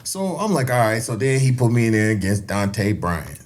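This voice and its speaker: Lively laughing storyteller man. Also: fairly low pitch, normal speed. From Elgin, Illinois. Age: 30s. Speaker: podcast guest. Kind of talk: casual storytelling.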